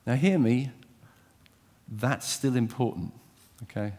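A man preaching a sermon, animated and direct, asking his listeners questions and swinging from loud emphasis to quiet intensity. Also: medium pitch, takes it slowly.

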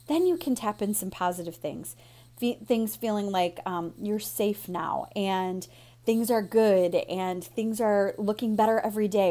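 A woman's voice: mid-range voice, darkish tone. Woman coach guiding viewers through tapping steps, encouraging and direct. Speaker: emotion coach. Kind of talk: instructional talk guiding tapping.

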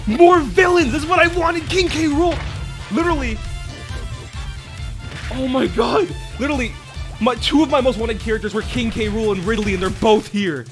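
A man hosting a reaction video, excitedly calling out what he sees and shouting in disbelief. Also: extremely high pitch, normal speed, pauses often. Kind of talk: excited live reaction commentary. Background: trailer music playing.

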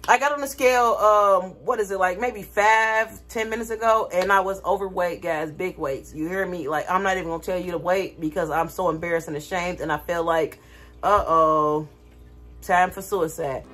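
A woman's voice: fairly low pitch, moderate pace. A woman vlogger talking casually to her viewers, telling a dramatic story with lots of energy. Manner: animated, dramatic retelling with laughter.

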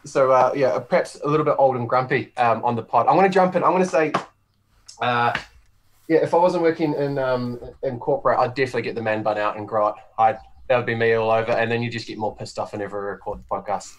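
A man's voice: mid-range voice, slight background noise. A New Zealand man co-hosting a football podcast, chatting casually and laughing often. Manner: laughs often, quick restarts. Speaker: podcast co-host. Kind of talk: casual sports chat.

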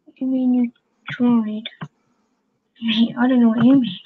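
High-voiced excitable woman commenting on a game. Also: measured pace, husky. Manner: excitable, chatty, talks to fellow players. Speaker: gaming channel host. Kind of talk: casual gameplay commentary. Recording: dull lo-fi home recording.

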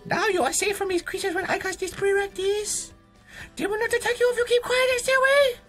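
A man's voice: high-pitched, huge pitch swings, unhurried, bright, forceful tone, slightly rough, soft background music, heavily acted. A man voicing a boastful male dog who calls himself a master sniffer, speaking in stilted, broken English like a game tutorial. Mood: instructive. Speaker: game commentator.

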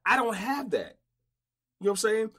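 A man hosting a casual podcast interview, slangy and animated, often repeating himself. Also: high voice, normal speed. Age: older. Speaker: podcast host.

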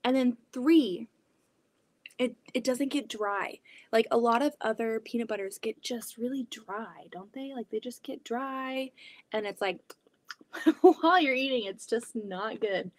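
A woman's voice: a little high, a little slow. A woman hosting a quilting livestream from her home basement, reading comments aloud in a chatty, giggly way full of restarts. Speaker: quilting channel host.

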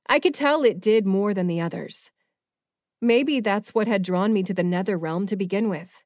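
A woman narrating a paranormal romance audiobook in first person, with a measured, expressive reading. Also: mid-range voice, dry recording, studio quality.

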